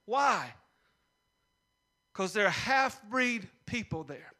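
A man's voice: high-pitched, expressive, measured pace, bright, forceful tone. A man preaching a sermon, repeating punchlines and leading call-and-response with the congregation. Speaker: pastor.

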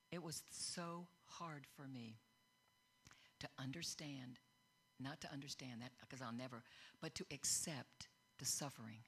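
A middle-aged woman preaches in a relaxed, story-driven way, laughing and slipping into the voices of people she quotes. Her tone is bright and forward. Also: extremely low pitch, vocal fry, breathy edge. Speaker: speaker teaching on faith. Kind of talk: informal sermon with personal stories.

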